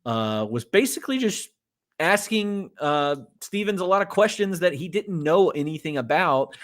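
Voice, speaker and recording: A man's voice: sits high, normal speed. Casual man chatting about films. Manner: animated, quotes lines in put-on voices, swears. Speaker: podcast co-host. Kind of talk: casual film review chat.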